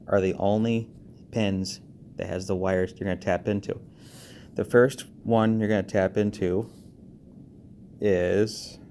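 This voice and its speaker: A lower-voiced man walks through a car audio wiring job in a casual tutorial voice-over. He talks quickly and keeps checking in with "okay" and "all right." A faint hiss sits under the recording. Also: warm tone. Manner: talks fast, checks in with frequent okays. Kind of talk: casual screen-recorded how-to walkthrough.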